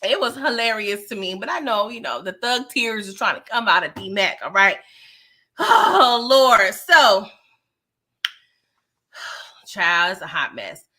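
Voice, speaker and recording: A woman casually recapping a TV episode on her vlog, animated and playful, often laughing. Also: medium pitch, moderate pace. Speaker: YouTuber recapping a TV show.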